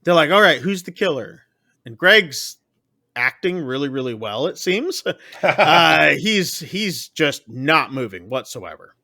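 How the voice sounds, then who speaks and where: A man with a fairly high, bright, forceful voice co-hosts a casual film review chat. He walks through the plot step by step and slips into quick impressions of the characters. The sound is dry and close. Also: big pitch swings, no room sound. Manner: retells plot scene by scene, briefly acting out characters' lines. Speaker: podcast co-host.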